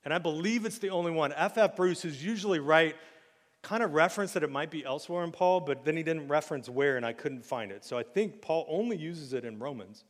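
A man preaching with a slightly high voice, animated and jokey, breaking into loud acted bursts. His voice rings out with long reverb, like a church hall. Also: fairly quick. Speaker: pastor. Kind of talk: sermon. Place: church sanctuary.

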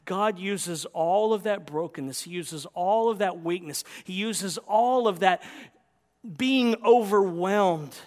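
A man's voice: high-pitched, slow pace. A man preaching a sermon as pastor, emphatic and impassioned, in a church. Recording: long reverb of a large hall.

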